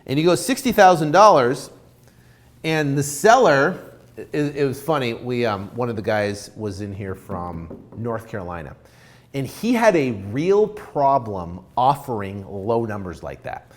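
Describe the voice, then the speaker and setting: A man coaching in a loose, talky way, his voice swinging high and low as he acts out both sides of a deal. He sits in a mid pitch but never stays flat for long. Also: unhurried. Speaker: real estate investing coach. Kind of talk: informal coaching talk.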